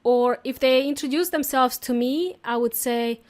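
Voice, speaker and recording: A talkative woman with a slightly high voice, teaching English in a relaxed podcast style. She chats freely and laughs easily between points. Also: normal speed. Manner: chatty and talkative, laughs often. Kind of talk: casual podcast lesson. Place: lives in Australia.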